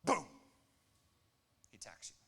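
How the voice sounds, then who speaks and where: A young adult man preaching a sermon, animated and joking, with quick asides and acted-out quotes. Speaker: pastor.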